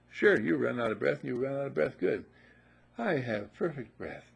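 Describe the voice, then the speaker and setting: A man's voice: medium pitch, very animated, normal speed, gravelly, breathy edge. An older man telling folksy stories in a casual motivational talk, repeating upbeat affirmations. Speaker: motivational speaker.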